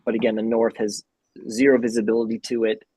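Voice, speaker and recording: A man's voice: lowish voice, completely flat delivery, warm tone, slightly rough, no room sound, low-quality recording. Man presenting plans at a town meeting. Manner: earnest, halting with restarts. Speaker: architect presenting to a commission.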